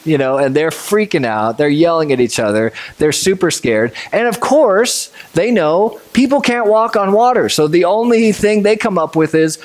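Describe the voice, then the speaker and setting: A man preaching a sermon as a pastor, telling the story in a conversational, animated way with laughs, then slowing and dropping low and soft for reassuring lines.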